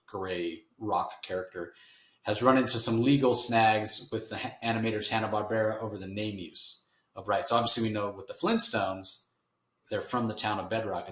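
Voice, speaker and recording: Low voiced guy rambling through a comic recap, kinda echoey room. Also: fairly bright tone. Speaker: podcast host. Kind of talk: casual comic book discussion. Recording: roomy echo.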